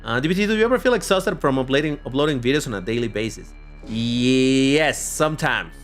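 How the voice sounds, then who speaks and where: A man streams a game live in a casual, rambling style, answering his chat out loud as he plays. His mid-range voice is brisk with lively intonation, and faint background music can be heard.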